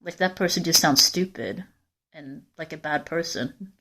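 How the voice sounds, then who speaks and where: A woman's voice: deep voice, moderate pace, pushed and bright. Candid woman rambling to live-stream viewers. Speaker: livestreamer. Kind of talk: casual live-stream chat. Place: walking outdoors in a forest.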